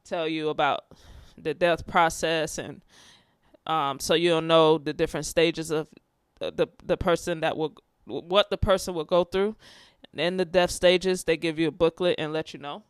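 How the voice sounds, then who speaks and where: A woman's voice: deep voice, fairly even intonation, moderate pace, smooth, dry recording, clean studio sound. A young woman candidly telling a personal story in a casual, emotional way, with many fillers and restarts.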